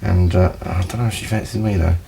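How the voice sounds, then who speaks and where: A man's voice: sits low, steady tone, quick pace, vocal fry, dark tone, a little hiss or hum. A man telling rambling anecdotes in a casual interview, laughing often and swearing freely. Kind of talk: casual storytelling chat.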